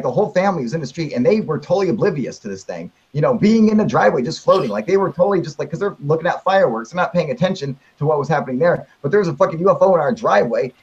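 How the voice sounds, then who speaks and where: A young man with a husky, fairly high voice tells a story on a live stream, excited and rambling, cursing every few words. The audio sounds muffled and lo-fi. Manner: excited, heavy swearing, filler-laden rambling. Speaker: show host telling his sighting.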